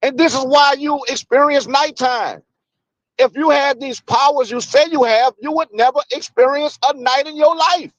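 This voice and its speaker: A man's voice: very high voice, moderate pace, a bit bright, no room sound, lo-fi sound. A man in a heated casual debate, explaining at length and refusing to be cut off.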